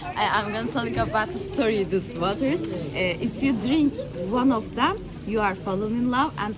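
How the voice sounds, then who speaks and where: A woman, a local guide speaking halting English and pausing to find her words. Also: on the high side, over a noisy crowd. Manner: halting, non-native English with pauses.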